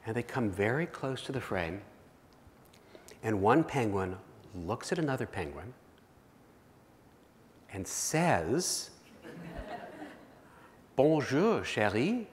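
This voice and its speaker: A man's voice: on the low side, sing-song, takes it slowly, long pauses, a little hiss or hum. A man giving a keynote speech, telling a vivid second-person story to a live audience in a large auditorium. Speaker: keynote speaker. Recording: long reverb of a big hall.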